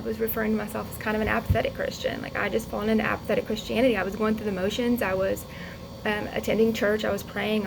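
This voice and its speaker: Woman, casual storytelling vlog, gravelly fry, slightly high voice, faint ambient hiss, animated quotes and laughs. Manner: chatty, animated impressions, laughs often. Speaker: vlogger.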